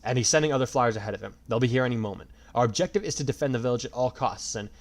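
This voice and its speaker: A man's voice: mid-range voice, expressive, very fast, close to an everyday voice. A man voicing a stern, commanding young swordsman leading his friends.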